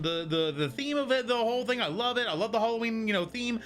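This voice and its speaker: A man's voice: very high-pitched, animated, fast, fairly bright tone, faint music behind. A young man chatting casually on a live stream, rambling and answering viewers from chat as he goes.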